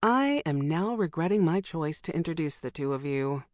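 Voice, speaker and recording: A woman's voice: sits low, expressive, normal speed, a little mellow, no echo, clean studio sound. A woman voicing a defensive, stubborn young woman protagonist in an audiobook, in a sulky, defensive manner. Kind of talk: audiobook dialogue.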